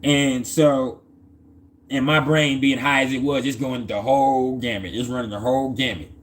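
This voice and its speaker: A man's voice: mid-range voice, steady tone, normal speed. Slangy man telling a story. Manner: loose, slangy and profane, with frequent stammered restarts. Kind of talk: casual personal storytelling.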